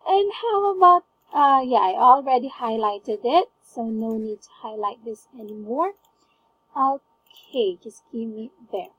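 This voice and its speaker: A woman's voice: on the high side, lively intonation, measured pace, breathy edge, muffled recording. A woman tutoring English one-on-one, patiently asking a student to read words aloud and praising each try. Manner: patient, encouraging, frequent praise. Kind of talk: one-on-one online English lesson.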